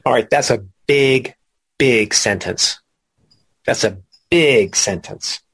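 Gravelly, husky man teaching with lively swings. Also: mid-range voice, slow, no room sound. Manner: animated, laughing, explaining with questions. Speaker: spiritual teacher. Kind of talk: spiritual class teaching.

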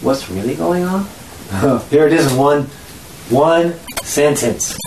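Lively spiritual teacher leading a group lesson, laughs a lot, acts out voices, roomy echo, steady hiss behind. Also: medium pitch, takes it slowly.

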